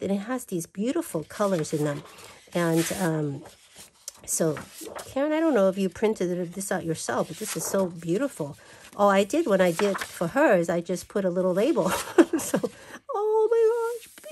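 A woman's voice: on the low side, darkish tone, slight background noise. A woman vlogger gushing and exclaiming as she unboxes and flips through craft paper. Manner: gushing, exclaims over everything. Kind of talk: casual unboxing chat.

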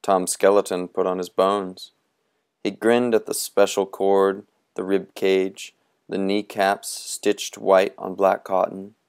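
A man reading a novel aloud in a measured, atmospheric storytelling manner. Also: low voice, flat delivery, a little mellow, clear, resonant tone. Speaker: audiobook reader.

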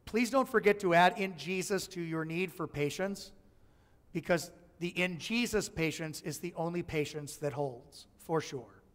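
A man with a high voice preaches in a casual, joking way, with a lilt. His voice rings out in a church sanctuary, with a long reverb trailing each line of the live stream. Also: a little slow, a bit bright. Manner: conversational and humorous, acts out voices in his stories. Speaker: pastor. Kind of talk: sermon.

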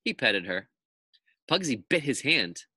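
A man, a teacher, reading a children's chapter book aloud to his class in a lively, expressive storytelling manner. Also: mid-range voice, a little slow, husky, no room sound.

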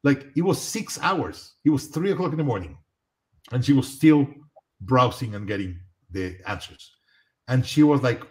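Man telling a lively story. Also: medium pitch, normal speed. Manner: animated, acts out dialogue in anecdotes. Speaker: guest. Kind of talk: storytelling in a live talk.

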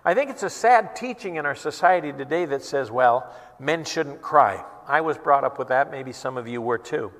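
An earnest male pastor preaching in a church hall, his fairly high voice ringing with long reverb. He swings between hushed, tender lines and emphatic, pleading ones, acting out the quotes he gives. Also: brisk, few pauses. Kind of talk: sermon.

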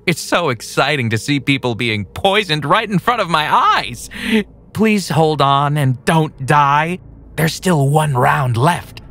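A man voicing a creepy young man who keeps scorpions and gloats as he tortures his captive, with slow, sing-song talk over light music. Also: fairly high pitch, expressive, pushed and bright, voice pushed up, full character voice. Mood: gloating. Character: creepy young man, scorpion-obsessed captor, gleefully sadistic.

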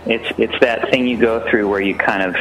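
A man hosting a podcast in a casual, reflective chat, halting and full of fillers. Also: fairly low pitch, steady tone, a bit bright, faint music behind, rough recording. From San Francisco. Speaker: podcast host.

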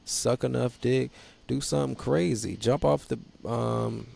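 A man's voice: medium pitch, steady tone, moderate pace, vocal fry, dark tone, breathy edge. A young man hosting his own podcast, chatting casually in a blunt, profane, joking way. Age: young adult. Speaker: podcast host. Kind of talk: casual solo chat.

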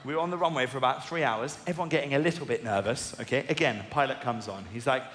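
A man with an English accent doing stand-up comedy, animated, sweary and mock-indignant. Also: mid-range voice, fast talker. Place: live comedy venue. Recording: echoey hall, loud crowd noise.

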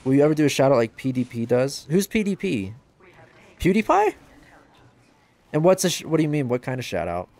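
A gaming livestreamer talks fast with hardly any pauses, casually commenting on his game and reading chat aloud. He's excitable and self-deprecating, joking at his own expense and bursting into high yelps as he plays.

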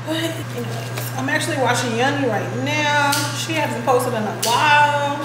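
A woman's voice: sits high, normal speed. Girl chatting to her viewers at home, swears a lot, echoey room. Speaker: vlogger. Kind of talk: casual vlog chat. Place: apartment at home. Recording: echoey room with background noise.

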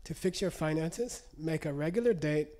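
Male speaker, slightly raised pitch, teaching a room casually. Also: normal speed, warm tone. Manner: conversational teaching, frequent "okay?" check-ins. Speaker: lecturer. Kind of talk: live lecture to an audience. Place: lecture room.

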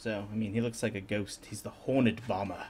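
A man's voice: on the low side, steady tone, brisk, a little mellow, a little hiss or hum. A man casually talking through a video game as he plays, half-mumbling to himself. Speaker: gaming video host. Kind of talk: let's-play commentary. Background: faint game music.

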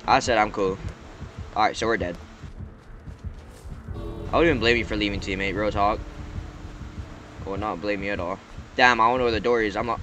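A man's voice: lowish voice, steady tone, moderate pace, long pauses, a bit bright, lo-fi sound, soft background music. A man giving live gameplay commentary, exclaiming and pleading at other players. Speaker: gaming YouTuber.

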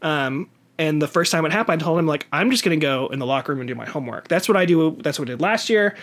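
A young man with a high voice chats casually as a podcast co-host. He rambles through his stories, full of "like" fillers, and acts out what people said. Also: lively intonation, fast, fairly bright tone. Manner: rambling storyteller, many "like" fillers, acts out quotes. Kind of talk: casual chat.

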